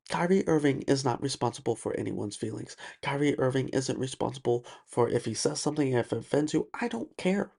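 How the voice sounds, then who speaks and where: A man's voice: medium pitch, lively intonation, moderate pace, creaky, few pauses, a little mellow. A man hosting a solo podcast monologue, talking emphatically and repeating himself with lots of fillers. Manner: emphatic, ranting, repeats words and uses many fillers. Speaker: podcast host.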